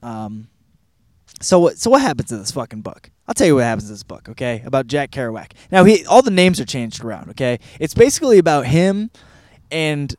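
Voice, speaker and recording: A man's voice: medium pitch, big pitch swings, brisk, a little mellow, no room sound. Male podcast host, 30s, from Michigan; loose, profane, self-deprecating delivery, dry booth sound. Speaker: podcast host reviewing a book. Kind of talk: casual profane monologue. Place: California.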